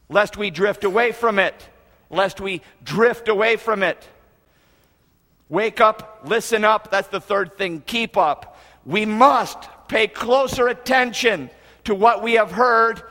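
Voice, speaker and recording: A man's voice: very high-pitched, bright, forceful tone. A man preaching a sermon as pastor, earnest and emphatic, repeating phrases for emphasis. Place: church auditorium. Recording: reverberant hall.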